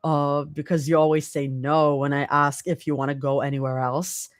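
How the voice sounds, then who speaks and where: Brief: low, deadpan young woman, as a woman reader puts her on, dry delivery. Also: moderate pace, dry recording, close to an everyday voice. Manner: flat, blunt. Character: flat, dry-humored young woman driver.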